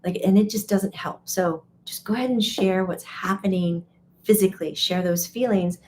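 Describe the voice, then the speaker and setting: A woman's voice: mid-range voice, fairly even intonation, normal speed, a little mellow, a little hiss or hum. Chatty woman on a live stream. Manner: chatty, acts out quoted voices, laughs often. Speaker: medium and teacher. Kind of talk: casual live stream talk. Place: home or studio, live stream.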